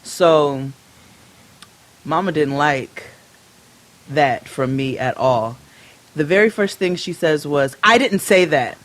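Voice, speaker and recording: A woman co-hosting a podcast, telling a story in a casual, profane and animated way and acting out both sides of it. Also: sits low, slow pace, pauses often. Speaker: podcast co-host.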